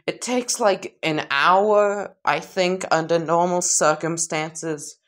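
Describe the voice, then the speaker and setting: A woman's voice: lowish voice, takes it slowly, a bit bright. A woman casually narrating a crude, rambling comedic fan story.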